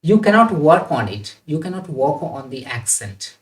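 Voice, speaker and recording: A man, a tutor giving feedback in a class, speaking haltingly with many filler pauses. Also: on the high side, sing-song. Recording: roomy, distant from the mic.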